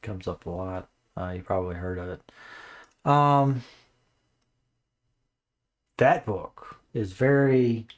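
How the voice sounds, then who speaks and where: Rambling man reviewing a book, tired. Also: fairly low pitch. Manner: reads blurb aloud with stumbles, then rambling with many fillers. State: mentally tired. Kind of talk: casual spoken book review.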